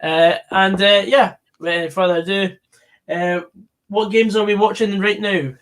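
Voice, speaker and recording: A man's voice: high voice, steady tone, moderate pace, a bit bright. A man hosting a live football stream, chatting casually with co-hosts and reading out viewer comments, with plenty of fillers.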